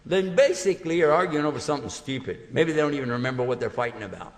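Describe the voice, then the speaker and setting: A man giving a religious lecture to an audience, telling stories in a lively way and acting out small dialogues. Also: mid-range voice, fast talker. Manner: animated storytelling, acting out little dialogues. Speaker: Islamic lecturer. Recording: long hall reverb.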